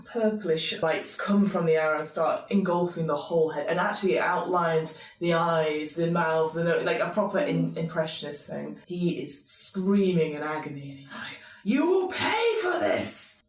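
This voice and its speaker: Woman game master, vivid storyteller, low-pitched, echoey and distant recording. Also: fairly even intonation, moderate pace, hardly any pauses. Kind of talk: narrating a tabletop game. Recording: roomy, from off mic.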